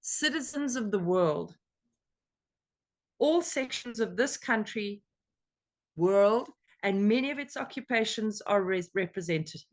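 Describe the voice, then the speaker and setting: An American woman leading a recovery meeting on a video call, talking in an earnest, emotional and animated way. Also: medium pitch, slow pace, long pauses. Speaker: meeting leader.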